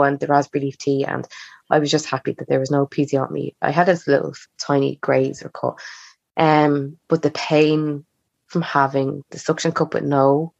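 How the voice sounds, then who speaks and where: A young podcast guest tells a personal story in a low, gravelly voice with a darkish tone, speaking at normal speed with level intonation. She's chatty and voices the dialogue she quotes. The recording lacks echo yet sounds a little muffled and dull.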